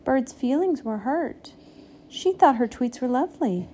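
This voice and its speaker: A woman reading a picture book aloud, slow and expressive, giving the animals little voices. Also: sits high, slight background noise. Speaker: storybook reader.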